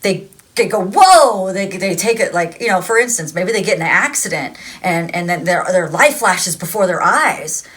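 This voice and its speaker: A woman in her thirties talks through a tarot reading in a loose, rambling way. She laughs often and keeps her voice a little low. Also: normal speed, hardly any pauses, fairly bright tone. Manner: chatty and rambling, laughing often, acting out quotes. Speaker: tarot reader. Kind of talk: casual spoken tarot reading.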